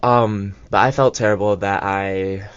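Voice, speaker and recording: A man's voice: on the low side, fairly even intonation, unhurried, clean tone, no room sound. A young man co-hosting a radio show, telling a story in a rambling, casual way with lots of fillers and asides. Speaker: radio co-host. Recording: dull lo-fi college radio mic.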